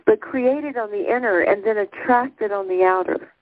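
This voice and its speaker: A woman's voice: mid-range voice, normal speed, dry recording. Encouraging woman on a phone line. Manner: encouraging, guides group breathing. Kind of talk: spiritual call-in chat.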